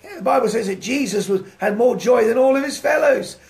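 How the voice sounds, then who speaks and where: A man with a very high-pitched voice preaches a devotional sermon a little fast and in a lively way. He laughs often and puts rhetorical questions to his listeners.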